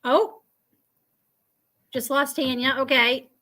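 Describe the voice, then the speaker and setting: A woman hosting a live stream in casual chat, chatty and quick to laugh, talking over a video call. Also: sits high, flat delivery, pushed and bright. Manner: chatty, laughs often, filler-heavy.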